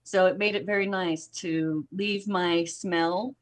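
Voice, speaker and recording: Middle-aged woman chatting on a podcast, lowish voice, tells long stories with little laughs. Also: fairly even intonation, slow. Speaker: guest, jelly company owner. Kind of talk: casual podcast conversation.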